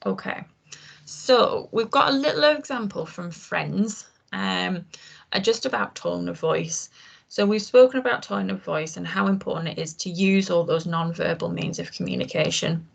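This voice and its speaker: Casting: woman trainer, low-pitched with some gravel, informal and explanatory, hesitant fillers. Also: normal speed. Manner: informal, explanatory, frequent ums and restarts. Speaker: communication skills trainer. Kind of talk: online training session.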